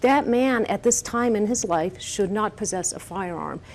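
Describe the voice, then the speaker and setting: A woman's voice: mid-range voice, normal speed, a little mellow, a little hiss or hum. A woman advocating in a panel debate, arguing earnestly and firmly. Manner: earnest, firm, persuasive. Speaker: gun-safety advocate.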